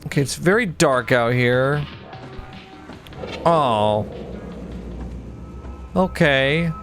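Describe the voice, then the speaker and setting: A man in his forties commentating a horror game, joking and reading its text aloud, with sudden high-pitched outbursts. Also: lively intonation, drawn-out words, a bit bright, faint music behind. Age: 40s. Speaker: gaming video host. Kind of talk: casual let's play commentary.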